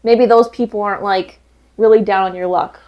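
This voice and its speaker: A woman co-hosting a podcast in casual chat over drinks, talking fast with lots of fillers and frequent laughter, recorded on an indoor podcast set. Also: medium pitch, fairly even intonation, dull audio. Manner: chatty and giggly, many "like" fillers. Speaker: podcast co-host.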